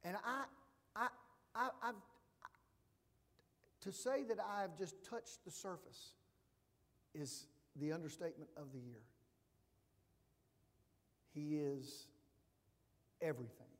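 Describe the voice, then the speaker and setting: Male pastor, sermon, emphatic, unhurried delivery, long hall reverb. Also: fairly high pitch. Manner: emphatic preaching, swinging from hushed to loud.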